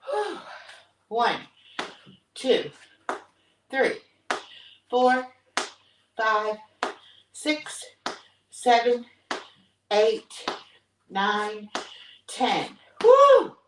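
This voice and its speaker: On a live workout stream, a woman in her 60s who hosts a fitness vlog counts reps between breaths, breathless and upbeat, with whoops. Her fairly high voice is sing-song, extremely slow and full of pauses, over a noisy background. The echoey room is captured by a far-off mic.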